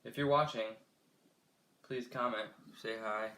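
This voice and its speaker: A man's voice: mid-range voice, steady tone, a little slow, bright, forceful tone, a little hiss or hum. A young man chatting casually on a live stream while working with his hands, muttering and sighing in frustration. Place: home, working on a toy car.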